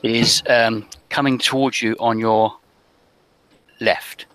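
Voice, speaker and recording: Male game master, bright tone, hesitant narration with many fillers. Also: medium pitch, little pitch movement, takes it slowly, smooth, dry recording, poor audio.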